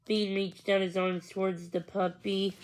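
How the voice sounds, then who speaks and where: A woman narrates a children's book read-aloud at a slow, careful pace. Her mid-range voice is expressive without rushing, reading each line deliberately. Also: medium pitch, low-quality recording. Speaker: storybook reader.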